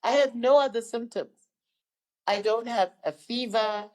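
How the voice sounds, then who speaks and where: A woman's voice: fairly high pitch, a little slow, low-quality recording. A woman in her fifties from Zimbabwe, a guest recounting her life story in an interview and acting out the people she quotes. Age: 50s.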